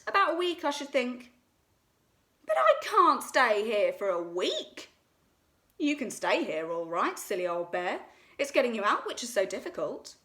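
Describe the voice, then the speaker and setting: Woman doing Christopher Robin, gentle boy. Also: on the high side, huge pitch swings, measured pace, full character voice. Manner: gentle, fond. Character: kind young boy.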